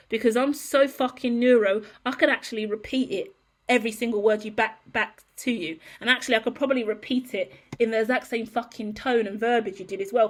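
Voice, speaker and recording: A woman giving a heated, profane monologue to camera as a tarot reader, blunt and ranting. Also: a little high.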